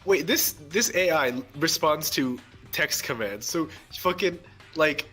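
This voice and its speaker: A man's voice: fairly high pitch, expressive, bright, forceful tone, soft background music. A man joking and swearing in casual chat while streaming a game. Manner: joking, swearing, quick asides.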